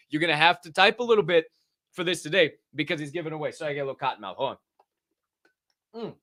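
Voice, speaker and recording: A young man hosting a livestream podcast, loud and joking, swearing freely and laughing at himself. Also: fairly high pitch, no room sound, clean studio sound. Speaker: podcast host. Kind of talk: loose, profane livestream chat.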